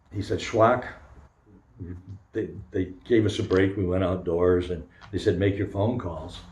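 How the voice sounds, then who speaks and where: An older man with a lowish voice gives a candid, personal talk in a temple hall. He tells his story haltingly, pausing and filling gaps with "uh" and "um". The room adds a noticeable echo around him. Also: a little mellow. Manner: candid, halting storytelling with frequent pauses and fillers. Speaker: Zen priest giving a dharma talk. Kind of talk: informal personal sermon. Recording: roomy echo.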